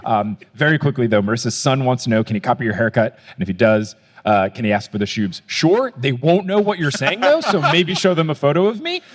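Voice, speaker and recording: A young man hosts a podcast in front of a live crowd, chatty and joking as he spins a long story. His voice sits mid-pitch, and the sound carries a long reverb from the venue hall. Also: sing-song, a little fast, hardly any pauses. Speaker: podcast host. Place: live stage show before an audience.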